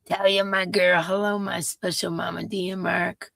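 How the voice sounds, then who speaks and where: Casting note: woman host, hoarse and gravelly, chatty, dry close sound. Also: fairly low pitch, flat delivery, moderate pace, a bit bright, no room sound. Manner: chatty, reads viewer names aloud. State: hoarse, voice coming and going. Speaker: livestream host. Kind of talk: casual live-stream chat greeting viewers.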